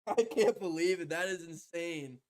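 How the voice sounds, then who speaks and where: Doing live fan reaction commentary on a stream, a man calls the play-by-play, swinging from loud, shouted excitement to soft, stunned murmuring and laughing frequently. His voice is a little high and his pace moderate.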